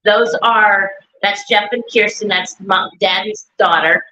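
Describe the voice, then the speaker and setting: A woman's voice: mid-range voice, fairly even intonation, unhurried, pushed and bright, slight background noise. A woman, a mother, talking in a rambling casual chat, often quoting her son and herself. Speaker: grieving mother and guest. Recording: dull lo-fi stream audio.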